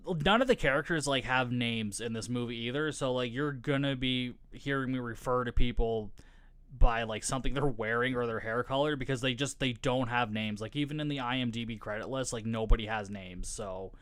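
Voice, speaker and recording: A man's voice: mid-range voice, a little fast, a bit bright. A man hosting a podcast, recapping a film casually with lots of swearing, jokes and laughter. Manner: profane, joking, laughs often. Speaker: podcast host.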